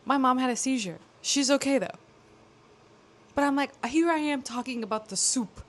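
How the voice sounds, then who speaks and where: A young woman with a high voice talks to the camera at a moderate pace in a casual, confessional vlog. She's candid and rambling, using plenty of filler words.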